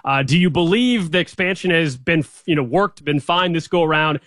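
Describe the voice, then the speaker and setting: A man co-hosting a sports chat, asking the guest questions in a brisk, easygoing way. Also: on the high side, fairly bright tone, no room sound, clean studio sound. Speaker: sports show co-host.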